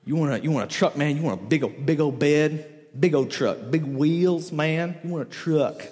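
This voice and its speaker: A lazy, drawling young dude hooked on big trucks, as a preacher puts him on, his voice dropped lower than the speaker's own. He keeps tossing in "man", and the words ring through a hall with a long reverb. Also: animated, fast, close to an everyday voice. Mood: lazy craving. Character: laid-back truck-loving young guy.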